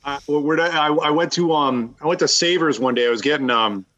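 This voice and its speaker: A man's voice: fairly high pitch, brisk, fairly bright tone, slight background noise. A man in his forties, a guest angler, telling stories in a laid-back, laughing way. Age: 40s. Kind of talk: casual storytelling. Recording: dull lo-fi remote connection.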